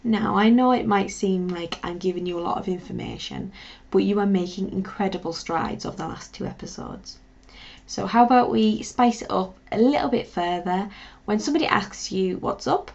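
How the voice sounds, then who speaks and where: A woman's voice: mid-range voice, very animated, moderate pace, vocal fry, darkish tone. A woman teaching a beginner language lesson, encouraging, spelling words out and leading repeat-after-me drills. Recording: dull lo-fi sound.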